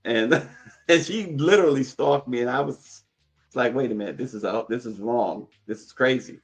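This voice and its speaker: A man's voice: mid-range voice, normal speed, soft background music. A man co-hosting a morning news show, chatting casually and chuckling often as he talks. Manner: chuckles often while talking.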